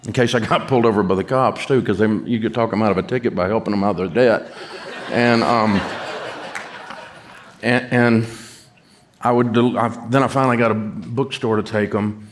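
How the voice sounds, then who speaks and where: A man's voice: lowish voice, fairly even intonation, normal speed, pauses often. A middle-aged man with a Southern US accent, telling a folksy, self-mocking story to an audience. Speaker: speaker addressing an audience. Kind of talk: storytelling talk.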